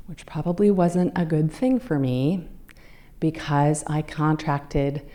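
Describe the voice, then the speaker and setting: Low-voiced woman telling her own story. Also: mellow. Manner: conversational, acts out quoted voices. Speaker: guest speaker. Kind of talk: personal storytelling talk. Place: club meeting room.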